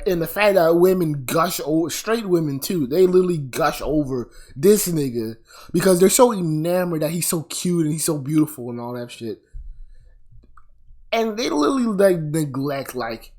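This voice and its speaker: A man delivering a blunt, profane commentary rant, sounding exasperated and weary. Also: on the high side. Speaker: commentary vlogger.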